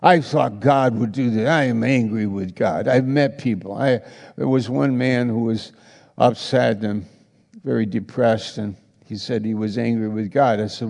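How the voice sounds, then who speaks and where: A man preaching a sermon to a congregation, speaking slowly and haltingly, with frequent restarts. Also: medium pitch, vocal fry, darkish tone. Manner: slow, halting delivery with many restarts. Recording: long reverb of a hall.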